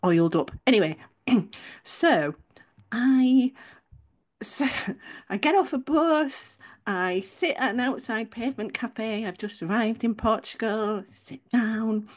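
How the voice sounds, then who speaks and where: A woman from England co-hosts a podcast in relaxed conversation. She tells her story in a rambling, chatty way, often starting a sentence over and correcting herself mid-thought. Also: a little high, slow. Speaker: podcast co-host. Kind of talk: casual chat.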